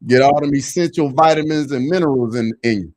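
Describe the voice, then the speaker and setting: A man's voice: fairly quick, no echo. Young southern guy chatting on a stream, loose and slangy, dry close sound, mid voice. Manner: loose, slangy, swings to loud excited pitch. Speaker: livestream host reading chat. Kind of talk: casual livestream chat.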